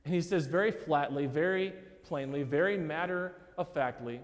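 A man's voice: fairly high pitch, moderate pace, hardly any pauses, big-room sound. A male pastor preaching a sermon in a church, explaining a gospel text in a conversational way and talking to his listeners directly as "guys". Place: church sanctuary.

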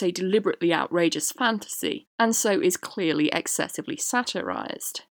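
A woman hosting a podcast, reading a prepared essay in a measured way. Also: medium pitch, dry recording, clean studio sound. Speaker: podcast host. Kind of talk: scripted essay narration.

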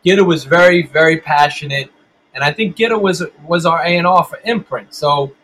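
A man's voice: on the high side, a little fast, fairly bright tone, slight background noise, rough recording. Swearing, rambling middle-aged man. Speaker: band musician, guest. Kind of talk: casual storytelling interview.

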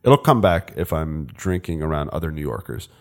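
A man from New Jersey hosting a podcast, chatting casually and riffing with jokes. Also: a bass voice. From New Jersey, USA. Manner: animated, joking, quick to riff. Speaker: podcast host. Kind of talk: casual chat.

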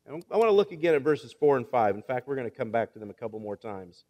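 A man's voice: mid-range voice, fast talker. A middle-aged man preaching a sermon to his congregation, asking them questions and reading scripture aloud. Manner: animated, rhetorical questions to the congregation. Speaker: pastor. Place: church sanctuary. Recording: long reverb of a church hall.

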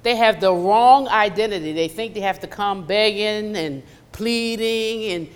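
A woman's voice: mid-range voice, a little slow, clear, resonant tone. A woman delivers a conversational sermon, breaking into acted asides. Her voice sits in the middle of the range. It rings with the long reverb of a church hall. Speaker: preacher. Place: church sanctuary.

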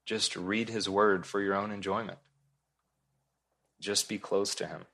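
A man's voice: on the low side, level tone, unhurried, creaky, fairly bright tone. A man preaching a sermon as pastor, earnest and emphatic, repeating his key points.

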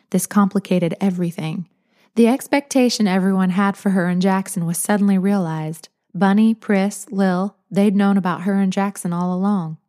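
A woman narrating a novel as an audiobook, in a calm, even manner. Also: mid-range voice. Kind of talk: scripted narration.

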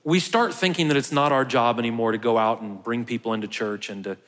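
A man's voice: mid-range voice, fast talker, fairly bright tone. A man, a pastor, giving a conversational sermon and telling a personal story with quoted dialogue. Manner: conversational, tells stories with quoted dialogue and laughs. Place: church sanctuary. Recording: long hall reverb.

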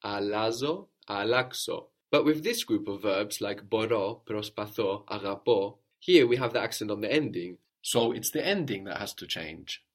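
Male language tutor, fairly low-pitched, patient, explains grammar and echoes the student's answers. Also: sing-song, moderate pace, hardly any pauses. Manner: patient, prompting, repeats answers and confirms. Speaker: language teacher. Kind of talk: guided language lesson.

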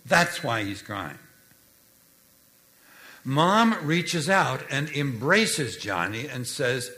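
A man preaching with a lively, swooping delivery and a bright, forceful tone. He tells his illustration at an unhurried pace, letting each beat land, and sinks low and soft for the gentle parts. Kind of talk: sermon storytelling.

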